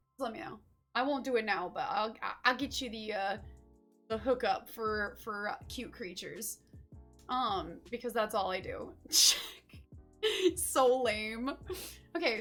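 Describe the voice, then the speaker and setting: A woman's voice: a little high, a bit bright. A young woman chatting casually on a livestream while she paints, bubbly and gushing as she greets viewers. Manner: bubbly, gushing, talks to chat while working. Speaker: livestream artist.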